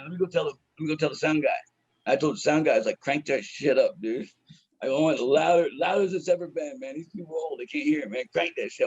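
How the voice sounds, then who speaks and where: A man's voice: on the high side, a little mellow, muffled recording. A man who is a stand-up comedian, telling a story in a casual, profane, slangy way and laughing often.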